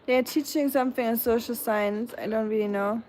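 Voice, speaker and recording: A woman's voice: fairly high pitch, a little fast, darkish tone, slight background noise. A young woman with a German accent, chatting casually on a live stream and answering viewers' comments, rambling with many fillers and restarts. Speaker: live streamer reading chat.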